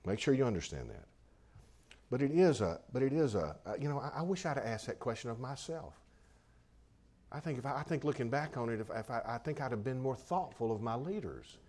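A pastor preaching a sermon in a conversational way, often restarting and repeating phrases. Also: male voice, medium pitch, expressive, a little fast, a little mellow.

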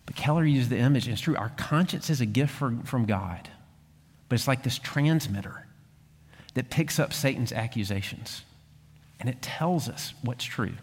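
A man preaches a sermon in a voice of middling pitch. He moves between hushed, quiet lines and strong, emphatic ones. A long reverb from a large church hall trails his words. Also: lively intonation, normal speed, husky. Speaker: pastor.

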